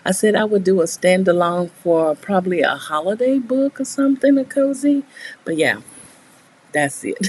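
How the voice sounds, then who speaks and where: A woman's voice: mid-range voice, animated, moderate pace, darkish tone, breathy edge, poor audio. A middle-aged woman chatting casually to her live viewers from a bedroom desk, rambling and laughing as she talks. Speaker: writing streamer. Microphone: new desk mic, not yet working well.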